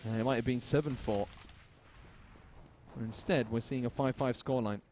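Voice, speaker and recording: A man casting a competitive shooter game match with fast, joking play-by-play commentary. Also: medium pitch, darkish tone, slight background noise. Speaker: esports caster.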